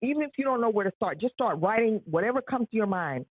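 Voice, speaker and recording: A woman's voice: a little high, expressive, quick pace, breathy edge, no echo. A woman hosting a live stream, giving an earnest motivational talk and repeating rhetorical questions. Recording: tinny phone-like sound.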